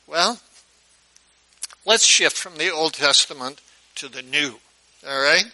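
A man's voice: fairly high pitch, takes it slowly, pushed and bright, rough recording. A male pastor preaching a sermon in a conversational storytelling way, often putting questions to his listeners.

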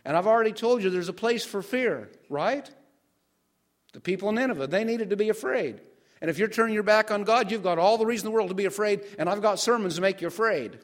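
A man's voice: sits high, fast. An older man preaching a sermon as pastor, asking his congregation questions and waiting for their answers.

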